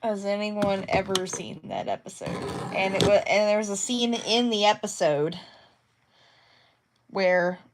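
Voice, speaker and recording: Young woman, casual crafting vlog, unhurried and rambling. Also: medium pitch, expressive, a little hiss or hum. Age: young adult. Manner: rambling, many fillers and restarts. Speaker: crafting vlogger. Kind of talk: casual chat to camera.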